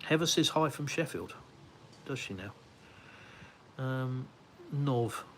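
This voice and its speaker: A man's voice: medium pitch, expressive, slow, a little hiss or hum. Chatty Englishman rambling on a live stream. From United Kingdom. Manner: rambling, reads viewer comments aloud and answers them. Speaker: livestream host. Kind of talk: casual live-stream chat. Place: outdoors at a house, walking about and onto a windy terrace.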